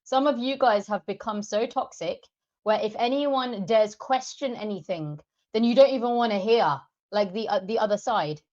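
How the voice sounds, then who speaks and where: An adult woman, a parent of two, rants angrily at her livestream viewers, addressing them directly and swearing heavily. Her voice is medium-pitched and a little mellow at a moderate pace, and the lo-fi stream audio sounds slightly dull.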